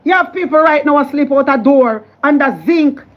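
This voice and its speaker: Jamaican woman vlogger, high-pitched, preachy and scolding, dull lo-fi sound. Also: moderate pace. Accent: Jamaican Patois. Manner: impassioned, scolding, repetitive. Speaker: political commentary vlogger. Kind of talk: fiery political rant.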